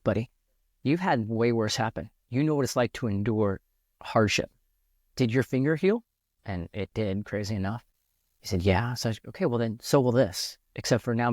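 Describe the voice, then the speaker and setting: A man in his thirties speaks as a podcast guest in an earnest, reflective way. He thinks aloud and often restarts his sentences. His voice sits at a middle pitch, recorded dry and close with no room sound. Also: expressive, a little fast, a little mellow, no echo. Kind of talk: reflective casual conversation.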